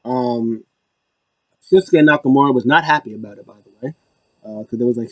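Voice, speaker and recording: A man talking through a recap in a loose, rambling way, full of ums and uhs, sometimes slipping into quick put-on quotes. His pitch sits in the middle range for a man. The sound is dry and close, with no room around it. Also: dry recording, lo-fi sound. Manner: rambling, lots of fillers and acted-out quotes. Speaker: wrestling show recap host. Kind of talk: casual solo recap.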